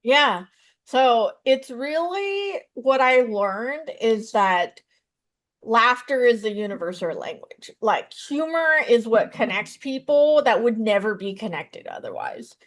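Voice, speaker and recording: A woman in her thirties, a stand-up comedian and psychotherapist, answering interview questions with animated storytelling. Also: on the high side, takes it slowly. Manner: animated storytelling, acts out voices in her jokes.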